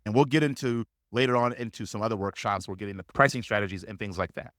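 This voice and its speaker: A man's voice: lowish voice, steady tone, fast talker, a bit bright, no room sound, clean studio sound. A man teaching sales as a coach in a live webinar, speaking emphatically and repeating key phrases to drive points home.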